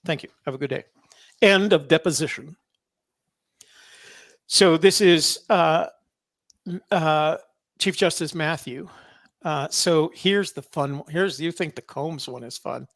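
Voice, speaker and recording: A man hosting a podcast, reading court filings aloud with wry, sarcastic asides and many halting fillers. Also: a little high, vocal fry, a bit bright, no room sound, studio quality. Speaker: podcast host.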